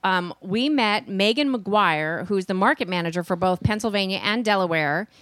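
A middle-aged woman co-hosting a casual sports podcast, chatty and quick, often trailing off mid-sentence. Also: medium pitch, expressive, a bit bright, no echo. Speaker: podcast co-host.

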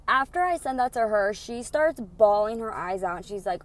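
A woman's voice: mid-range voice, expressive, quick pace, few pauses. Chatty young woman podcast host. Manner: chatty, swears freely, many "like" fillers. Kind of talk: casual storytelling monologue.

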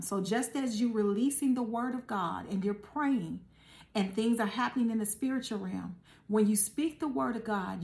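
A woman preaching in a conversational podcast style, earnest and exhorting, repeating key phrases and calling her listeners baby and guys. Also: medium pitch.

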